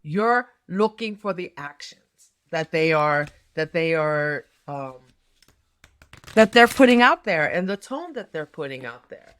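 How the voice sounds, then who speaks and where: A woman's voice: deep voice, expressive, unhurried, a bit bright. A middle-aged woman doing a tarot reading, talking casually in a rambling way with many fillers and restarts. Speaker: tarot reader and nurse health coach.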